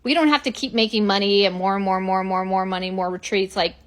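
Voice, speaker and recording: A woman in a sarcastic comedic monologue, swinging between whispered asides and loud exasperated outbursts. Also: medium pitch, fairly even intonation, quick pace, faint music behind. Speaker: content creator.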